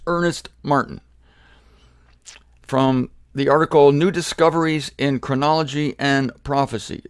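A man's voice: mid-range voice, dry recording, clean studio sound. A man giving a casual Bible lecture, reading quotes and breaking off for joking, self-deprecating asides. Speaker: Bible teacher.

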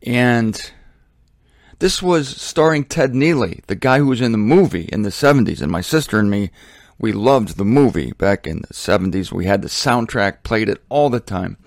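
A man teaching the Bible in a casual sermon, telling a story with animated, mocking asides. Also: on the low side, moderate pace, dry recording, clean studio sound.

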